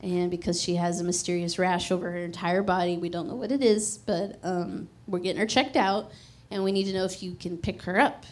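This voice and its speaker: A middle-aged woman preaching a sermon as personal testimony, telling her story with animated energy, laughing often and acting out the dialogue. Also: on the low side, a little fast.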